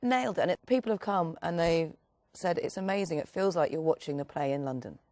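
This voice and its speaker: A woman, an actress, being interviewed, talking in quick, lively bursts and laughing easily. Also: fairly low pitch, no echo. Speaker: actress guest. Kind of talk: casual interview chat.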